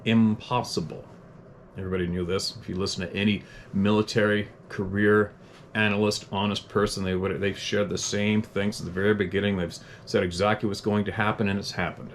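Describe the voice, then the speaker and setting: A man with a fairly low voice hosts an unscripted podcast, ranting bluntly and cursing freely. Between his tirades he chuckles at himself and reads out listener letters, with a faint hum of ambience behind him. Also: flat delivery, a little fast. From Canada. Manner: blunt, profane, heated ranting; self-deprecating chuckles.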